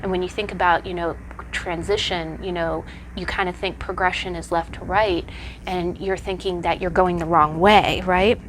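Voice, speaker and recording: A woman's voice: fairly low pitch, fairly even intonation, normal speed, a little hiss or hum. A woman giving a conversational tarot lesson, reflective and telling stories with many asides. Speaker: tarot teacher.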